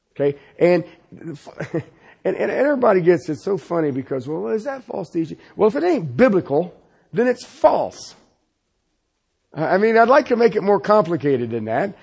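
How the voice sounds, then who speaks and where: A man preaching a sermon as pastor, swinging from loud insistence to hushed, pleading passages. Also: on the high side, husky.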